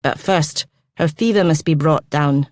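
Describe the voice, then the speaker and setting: A woman doing a stern Scottish physician in a storybook reading, clipped and no-nonsense, his voice a touch low and dry. He sounds short on patience and sure of himself. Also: unhurried, a little mellow, no room sound. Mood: brusque. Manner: crisp, blunt. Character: stern Scottish male doctor, crisp and brusque.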